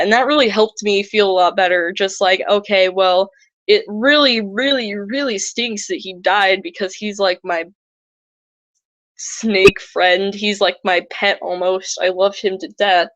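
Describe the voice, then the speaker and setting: A woman's voice: mid-range voice, fairly even intonation, a little slow, a bit bright, dry recording. Woman, casual rambling storyteller, filler-heavy delivery, dull and dry lo-fi sound.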